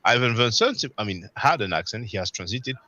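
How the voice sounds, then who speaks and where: A man's voice: medium pitch, animated, fast, sharp tone. A man hosting a live online panel, rambling in casual commentary with many fillers and mocking quotes of others. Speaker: livestream panel host.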